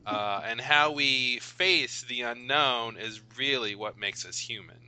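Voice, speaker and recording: A man's voice: mid-range voice, unhurried, bright, forceful tone, clean tone, low-quality recording. A man co-hosting a casual podcast, talking through ideas thoughtfully with a rambling flow and many fillers. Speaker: podcast co-host.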